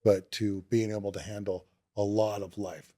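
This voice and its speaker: Low-voiced enthusiastic man co-hosting a podcast. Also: flat delivery, normal speed, dark tone. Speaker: podcast co-host. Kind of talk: casual recovery podcast talk.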